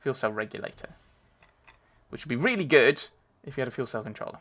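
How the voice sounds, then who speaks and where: A man's voice: mid-range voice, lively intonation, fast, a bit bright. A man giving casual, rambling commentary while playing a game, thinking aloud and reading on-screen text. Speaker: let's play gamer.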